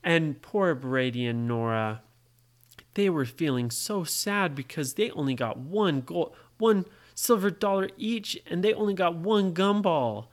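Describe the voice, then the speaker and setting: A parent telling a made-up story to a child, pausing to ask the child questions. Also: medium pitch, animated. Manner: slow, asks the listening child questions. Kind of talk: bedtime story told to a child.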